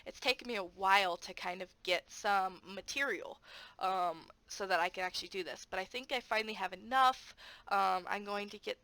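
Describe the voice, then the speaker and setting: A woman's voice: mid-range voice, normal speed, no echo, low-quality recording. A woman who teaches English online, chatting casually about her classes with lots of fillers and playful sound effects. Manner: animated, acts out classroom moments with sound effects; frequent fillers, friendly and chatty. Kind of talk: casual advice vlog.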